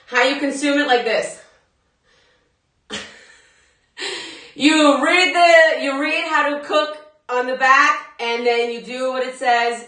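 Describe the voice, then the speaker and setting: A woman's voice: on the high side, sharp tone. A woman fitness instructor chatting to viewers during a live workout class, laughing often and talking straight to them. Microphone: phone at a distance. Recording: echoey room, phone mic far off.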